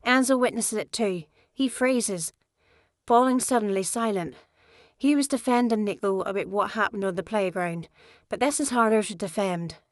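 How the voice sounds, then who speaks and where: A woman reading a first-person novel as an audiobook narrator, steady in her storytelling. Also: mid-range voice, moderate pace, dry recording, studio quality.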